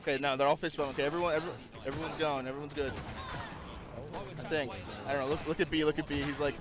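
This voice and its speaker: A man's voice: a little high, animated, moderate pace. A young man casually co-streaming a match, joking and acting out what the players might be thinking. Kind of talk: casual livestream watch-along chat. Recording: music playing behind.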